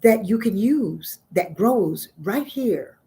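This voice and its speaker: A woman's voice: mid-range voice, expressive, slow pace, warm tone, breathy edge, exaggerated voice. A woman voicing a small talking fish in a storybook tale, sweet and encouraging. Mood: kind. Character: kind little talking river fish.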